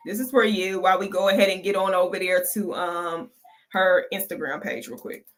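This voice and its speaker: A woman's voice: lowish voice, normal speed, pauses often, a bit bright. A woman hosting a casual reaction commentary, chatty and gossipy, laughing often as she talks. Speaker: reaction channel host.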